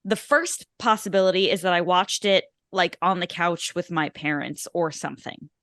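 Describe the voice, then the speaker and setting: A woman's voice: on the low side, normal speed, a bit bright, no room sound, clean studio sound. A woman in her thirties co-hosting a film podcast, chatting casually with many fillers and self-mocking asides. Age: 30s. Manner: rambling, self-deprecating, lots of fillers. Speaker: podcast co-host. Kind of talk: casual chat.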